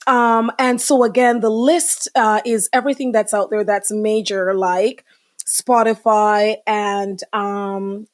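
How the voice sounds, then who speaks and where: A middle-aged woman hosting a live podcast, talking casually and chattily with many fillers and asides to her viewers. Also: a little high. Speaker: podcast host.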